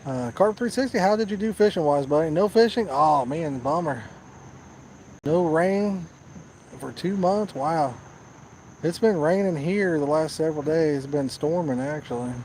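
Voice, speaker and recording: A man's voice: on the high side, animated, moderate pace, darkish tone, a little hiss or hum, low-quality recording. Joking man reading out stream comments. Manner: reads viewer comments aloud, teasing and jokey. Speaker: fishing channel host. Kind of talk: casual live-stream chat. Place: outdoors at a pond at night.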